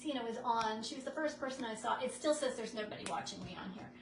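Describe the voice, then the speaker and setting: Woman, high voice, chatty, craft livestream, roomy echo, distant noisy phone mic. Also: expressive, fast talker. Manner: chatty, greets viewers by name. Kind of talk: casual chat while crafting. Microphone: phone on a stand. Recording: echoey room, noisy phone audio.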